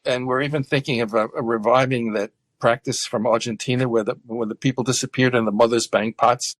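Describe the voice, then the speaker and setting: A man speaking earnestly in a conversational interview, often halting with fillers and restarts. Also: medium pitch, steady tone, no echo. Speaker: guest activist.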